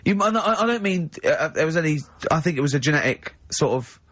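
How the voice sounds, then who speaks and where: Teasing English radio host, slightly muffled. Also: male voice, on the high side, animated, quick pace, fairly bright tone. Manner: teasing, laughs often, acts out other people's voices in stories. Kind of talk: casual radio banter.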